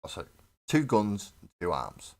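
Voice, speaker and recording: Building a miniature model live on stream, this man chats in a rambling, casual way, with plenty of self-mockery and free swearing. His lowish voice swings hugely in pitch at a normal speed, captured on a desk webcam setup.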